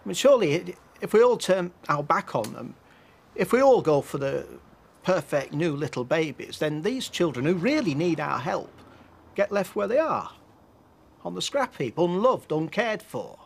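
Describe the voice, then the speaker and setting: A man's voice: a little high, very animated, moderate pace, vocal fry, full character voice. An actor playing an earnest, stammering man who argues passionately for the adoption of troubled children.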